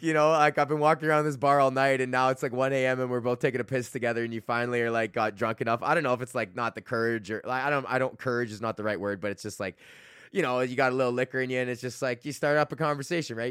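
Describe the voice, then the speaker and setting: A man's voice: medium pitch, fairly even intonation, rapid-fire, a bit bright, smooth, no room sound, clean studio sound. A man in his thirties from Canada hosting a casual solo podcast, rambling and swearing freely, poking fun at himself and laughing often. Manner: rambling, profane, self-mocking, laughs often. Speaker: podcast host and comedian.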